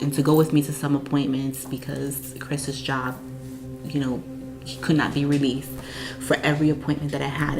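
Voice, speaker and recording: A woman with a notably low voice recounts her personal story in an earnest, candid way. She keeps saying "you know" as she speaks. Soft guitar music plays clearly under her. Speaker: mother sharing her infertility story. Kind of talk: personal testimony.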